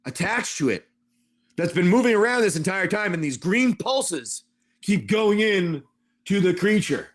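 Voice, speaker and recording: A man running a tabletop game on a livestream, narrating dice rolls and combat in an animated, excitable way. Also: sits high. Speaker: game master.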